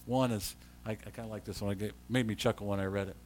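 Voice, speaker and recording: A man preaching a sermon as a pastor. He swings from quiet storytelling to loud emphasis and often repeats words when he restarts. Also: on the low side, fairly even intonation, fast talker, slight background noise.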